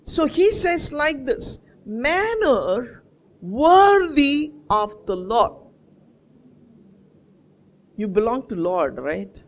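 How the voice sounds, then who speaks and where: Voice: sits high, very animated. A preacher delivering a sermon, asking the congregation questions and answering them, and repeating key words for emphasis. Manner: call-and-response questions to the congregation; slow, stretched phrasing.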